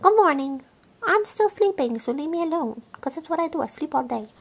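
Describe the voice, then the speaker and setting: A woman's voice: high voice, animated, fairly quick, slight background noise, pitched above the performer's own voice. A woman voicing her sleepy, lazy pet dog at home, grumbling about being woken. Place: home, indoors.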